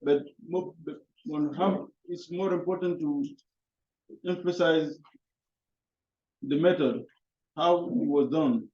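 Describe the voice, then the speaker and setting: Halting male teacher in an echoey classroom. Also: fairly high pitch. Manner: halting, repeats words, switches to French. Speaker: English teacher. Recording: echoey classroom, dull lo-fi sound.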